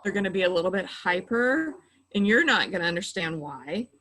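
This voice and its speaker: A middle-aged woman working in mental health patiently explains coping tips during a conversational interview, saying "you know" often. Her voice is lowish, expressive, and sharp, her pace fairly quick, and the recording is rough.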